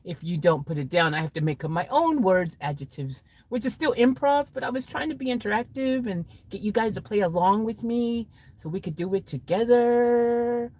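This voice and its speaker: A woman's voice: fairly high pitch, animated, moderate pace, a little mellow. A woman hosting a livestream, chatting playfully with her viewers and laughing often as she sets up an improvised story. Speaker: livestream host. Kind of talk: casual improv storytelling to a chat.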